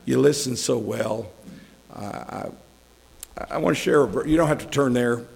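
A man's voice: medium pitch, moderate pace, gravelly, a little mellow, breathy edge. A middle-aged man giving a conversational sermon as a guest preacher, folksy and joking with chuckling asides. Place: church sanctuary. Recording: long hall reverb.

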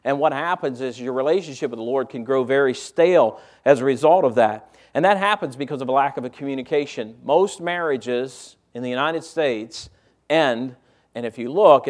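A pastor preaching a sermon in a church, conversational and full of rhetorical questions put to the congregation. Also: male voice, mid-range voice. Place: church auditorium.

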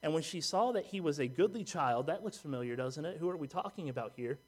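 Man, preacher, sermon, fairly high voice, conversational, questions to the congregation. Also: animated, fast talker. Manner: conversational, asks the congregation questions, joking asides. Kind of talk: sermon with scripture reading. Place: church sanctuary.

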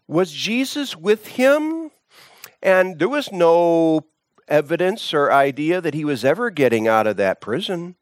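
A man's voice: a little high, sing-song, slow pace, long pauses, no room sound, clean studio sound. A man preaching a sermon, telling a story with dramatic swings in his voice.

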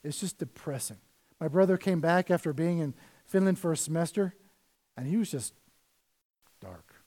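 A middle-aged male pastor with a notably high voice delivers a sermon. He drops to quiet, murmured asides, then rises into loud, emphatic readings from scripture. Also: normal speed.

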